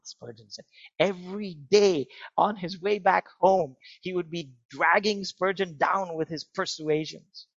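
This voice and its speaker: High-voiced preaching man, earnest. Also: slightly rough, dry recording, muffled recording. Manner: earnest, building to excited emphasis. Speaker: pastor. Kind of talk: sermon.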